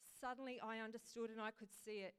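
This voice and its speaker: A woman reading as a male pastor, humbled, earnest, smooth, slightly high voice. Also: fairly even intonation, brisk, natural voice. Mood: shaken. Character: humbled male pastor telling his dream. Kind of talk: read-aloud sermon story.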